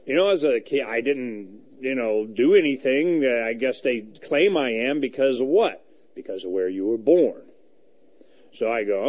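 Rambling, lively male talk host. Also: mid-range voice, moderate pace. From United States. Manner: rambling and animated, full of fillers and restarts. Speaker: radio talk show host. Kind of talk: casual talk show monologue. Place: on the road, traveling.

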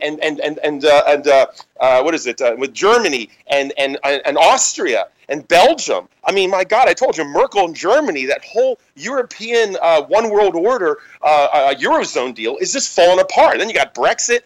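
A man's voice: fairly high pitch, poor audio. A man in his thirties hosting a political talk radio show, rambling and restarting as he tells stories. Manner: rambling, animated, frequent restarts. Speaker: radio host.

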